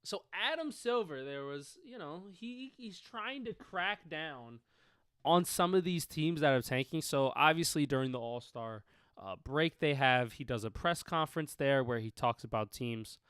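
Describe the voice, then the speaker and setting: A man's voice: a little high, animated, unhurried, a bit bright, smooth, dry recording, studio quality. A man co-hosting a casual sports podcast, talking loosely with a lot of swearing. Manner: profane, loose, joking. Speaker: podcast co-host.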